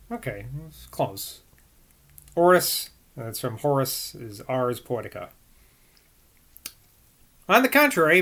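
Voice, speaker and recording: Bright-voiced man reading an old book. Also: mid-range voice. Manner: muses aloud and second-guesses himself between passages. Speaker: reader of a classic book. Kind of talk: reading aloud with casual asides.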